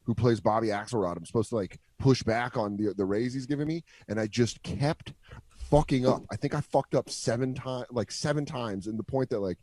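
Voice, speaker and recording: A man chatting on a radio show, telling self-mocking stories and swearing freely. His voice sits at an everyday pitch. The sound is close and dry. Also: fairly quick, darkish tone, dry recording. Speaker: actor guest. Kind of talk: casual chat.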